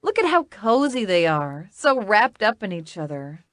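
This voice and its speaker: A woman's voice: mid-range voice, big pitch swings, normal speed, a bit bright, no echo, clean studio sound. A woman narrating a romance audiobook in the first person, with a wry, conversational inner-monologue manner.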